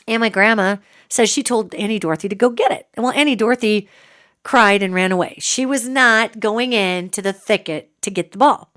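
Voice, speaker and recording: A middle-aged woman hosting a radio show, telling a family story in a lively, animated way with emphatic asides. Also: mid-range voice. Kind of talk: storytelling monologue.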